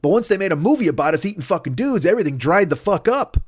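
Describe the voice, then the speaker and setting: A man voicing a brash, always-hungry male shark who is a pushy negotiator and talks loud and profane. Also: high-pitched, very animated, fast talker, slightly rough, pitched above the performer's own voice, heavily acted.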